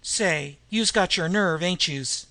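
A man voicing a rough male street thief who talks in tough slang. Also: high voice, takes it slowly, bright, forceful tone, full character voice. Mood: jeering.

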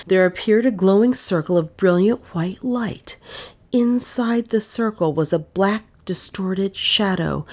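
A woman reading a mystery novel aloud in measured, dramatic narration. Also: on the low side. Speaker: audiobook narrator.

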